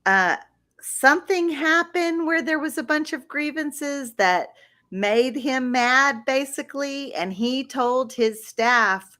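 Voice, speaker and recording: A woman co-hosting a podcast, telling a story in a slow, deliberate way. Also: sits high, animated, pushed and bright. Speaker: podcast co-host. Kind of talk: casual storytelling.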